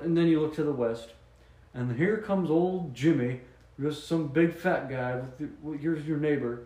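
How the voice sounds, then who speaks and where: A man co-hosting a podcast, rambling through absurd mock explanations in a deadpan way and laughing at his own jokes. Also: on the high side, roomy sound, poor audio. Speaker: podcast co-host. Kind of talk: joking casual chat.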